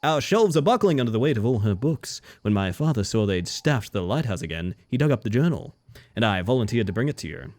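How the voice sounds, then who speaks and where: A man's voice: medium pitch, big pitch swings, brisk, a little mellow, pitched below the performer's own voice, close to an everyday voice. A man reading Jackie, a boastful old sea captain. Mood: chatty. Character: friendly boastful male fishing-boat captain.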